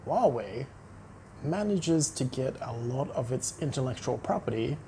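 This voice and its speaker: A man's voice: mid-range voice, expressive, unhurried, warm tone, a little hiss or hum, poor audio. A man ranting casually to camera as a vlogger, blunt and sarcastic. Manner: blunt, sarcastic, mocking voices.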